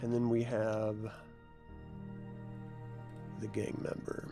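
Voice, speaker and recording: A man running a tabletop game as game master, narrating with animated delivery and bursting into loud voices for minor characters. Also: fairly low pitch, slow, vocal fry, music in the background.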